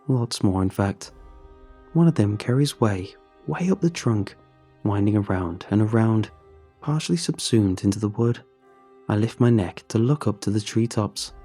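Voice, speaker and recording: A man narrating a first-person horror story in a measured, tense, scripted way. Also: lowish voice, dark tone, husky.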